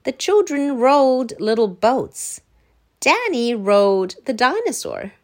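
A woman from China reading a children's picture book aloud in a slow, clearly paced, very animated way. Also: a little high. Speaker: storyteller. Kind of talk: children's storybook read-aloud.

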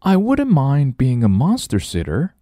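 Male narrator doing a bright, cheerful young girl, pitched way up, lively. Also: unhurried, no room sound, studio quality. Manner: high bright chirpy delivery. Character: cheerful curious little girl.

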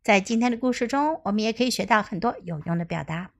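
A woman English teacher reading a story to children in two languages and leading practice, in a gentle, encouraging way. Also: medium pitch, expressive, fast, gravelly.

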